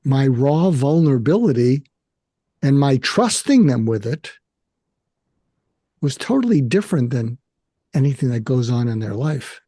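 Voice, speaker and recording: An older man with an American accent, a psychiatrist speaking candidly and haltingly about his own feelings in an interview. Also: medium pitch, big pitch swings, dark tone, dry recording, studio quality. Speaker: guest, psychiatrist. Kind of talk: emotional personal conversation.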